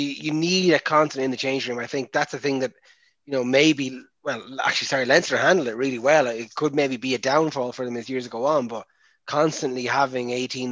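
A man with an Irish accent co-hosting a casual sports podcast, talking in a halting way full of fillers. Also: mid-range voice, fairly bright tone, no echo, highs cut off. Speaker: podcast co-host.

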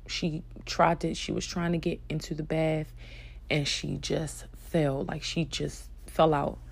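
A young woman recounts a personal story in a soft, hesitant way, pausing often and starting over. Her voice sits a little low and carries a gravelly fry. She takes her time, and her delivery is unhurried. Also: flat delivery. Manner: soft-spoken, hesitant, with many fillers and restarts. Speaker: vlogger sharing a personal story.

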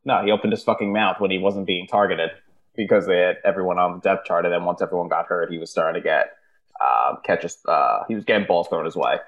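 Low-voiced blunt man, lo-fi sound. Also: steady tone, quick pace. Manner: blunt, matter-of-fact, profane. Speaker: podcast co-host. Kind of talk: casual sports podcast chat.

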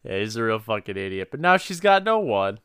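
A man's voice: fairly low pitch, big pitch swings, fairly quick, fairly bright tone, clean tone, no echo, clean studio sound. A man co-hosting a casual podcast, joking profanely and laughing often. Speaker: podcast co-host. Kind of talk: casual chat.

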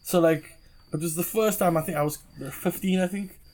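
A young man with a South African accent, a podcast guest telling stories in a loose, animated way, laughing often and swearing freely. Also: sits high, a little fast. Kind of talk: casual storytelling.

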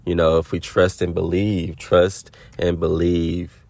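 Deep gravelly young man, close and dry. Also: slow pace, dry recording. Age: 20s. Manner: relaxed, affirming, repeats phrases, spiritual encouragement. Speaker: podcast host. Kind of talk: casual motivational monologue.

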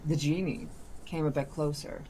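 A woman reading a novel aloud for a book club, deliberate and sometimes correcting herself mid-line. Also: low voice, steady tone, mellow, a little hiss or hum. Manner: deliberate, with small self-corrections.

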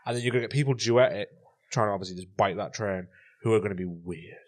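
A man's voice: lowish voice, fast. A man co-hosting a podcast, telling stories in a casual chat and acting out the voices of the people in them. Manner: animated storytelling, acts out voices. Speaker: podcast co-host.

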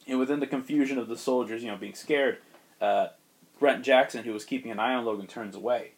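A man hosting a chat, retelling a story in a loose, animated way. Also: mid-range voice, brisk. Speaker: host pitching a movie story.

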